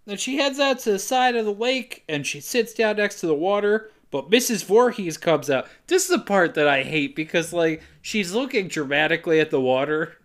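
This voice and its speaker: A man's voice: high voice, lively intonation, moderate pace, hardly any pauses, a bit bright. A man co-hosting a casual comedy podcast, narrating a film's plot with jokey asides. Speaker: podcast co-host recapping a film.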